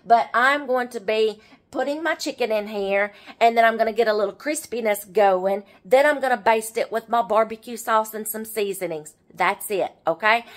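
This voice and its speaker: A middle-aged woman, chatting folksily through a home cooking tutorial in her kitchen, always saying "y'all" and "okay". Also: a little high.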